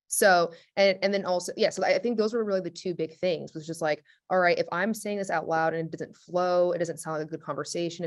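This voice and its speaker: A woman speaking as a webinar panelist, chatty and energetic, with many fillers like "like". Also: lowish voice. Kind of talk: casual panel discussion.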